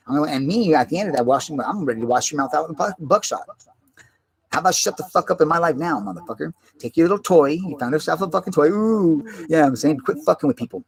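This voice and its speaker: A man's voice: fairly high pitch, lively intonation, quick pace, vocal fry. A man delivering a rambling, agitated monologue, swearing constantly and repeating himself. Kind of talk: rambling profane rant.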